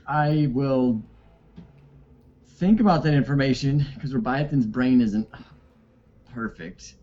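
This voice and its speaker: A man's voice: mid-range voice, slow, dark tone, dull audio. A man playing a tabletop game who talks in an easygoing, hesitant way. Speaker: player. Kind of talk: casual tabletop game chat.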